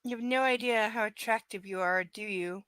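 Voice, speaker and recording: A woman's voice: medium pitch, moderate pace, fairly bright tone, smooth, no room sound, natural voice. A woman voicing an intense, jealous young man in a romance novel, speaking insistently. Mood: brooding.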